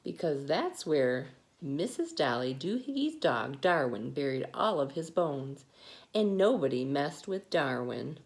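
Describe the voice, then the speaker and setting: A woman teacher reading a picture book aloud to preschoolers, animated and playful. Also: deep voice, unhurried. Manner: animated, acts out character voices. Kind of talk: children's storybook read-aloud.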